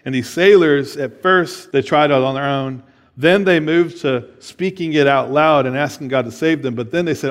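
Conversational preacher in a reverberant hall. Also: male voice, on the high side, moderate pace. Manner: conversational preaching, often asks "right?", laughs between points. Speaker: pastor. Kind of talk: sermon.

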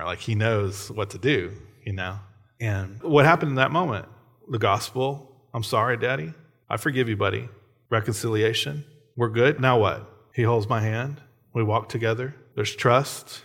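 Male pastor, 30s, relaxed conversational sermon, mid-pitched voice, keeps asking the room "right?". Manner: conversational, frequent tag questions.

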